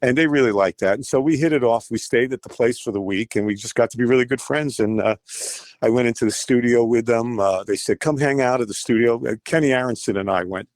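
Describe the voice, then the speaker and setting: A man's voice: mid-range voice, fast, no echo. Older man telling stories animatedly. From United States. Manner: animated, acts out quoted voices. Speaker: guest musician. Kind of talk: storytelling interview.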